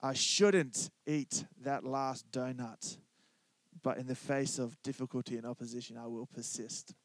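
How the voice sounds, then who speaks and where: Male pastor, relaxed joking sermon, dry close-miked voice. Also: mid-range voice, measured pace, no echo. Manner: conversational, joking, asks congregation to respond. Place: church.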